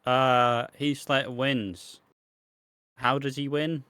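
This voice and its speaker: A man's voice: medium pitch, flat delivery, slow, pushed and bright, smooth, no echo. A man co-hosting a casual wrestling podcast, laid-back, swearing freely and trailing off with ums. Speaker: podcast co-host. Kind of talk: casual chat about wrestling.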